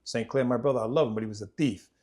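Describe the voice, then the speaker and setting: A man in an average pitch range tells his childhood story in a podcast conversation. He repeats phrases for emphasis and swings from loud, animated bursts to hushed, low stretches. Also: racing. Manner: vivid, repetitive retelling that acts out family members' voices. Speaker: podcast host telling his life story.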